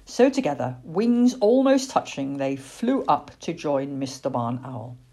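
Husky woman reading a storybook. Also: low voice, big pitch swings, measured pace, mellow.

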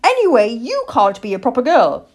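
A woman's voice: huge pitch swings, normal speed. A woman voicing a small, curious baby barn owl boy who gets cross easily, reading a storybook. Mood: indignant. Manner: high, eager and indignant.

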